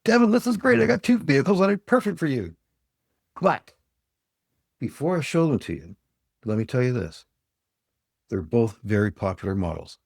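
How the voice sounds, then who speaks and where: An older man voicing an eager, pushy male used car salesman who makes a high-pressure pitch. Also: big pitch swings, normal speed, pauses often, mellow, dry recording, studio quality. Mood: excited.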